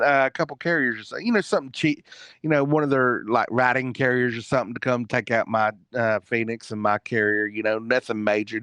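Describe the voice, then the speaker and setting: A man's voice: medium pitch, a bit bright, no room sound. A man telling a long story in a casual, rambling way, full of fillers and restarts.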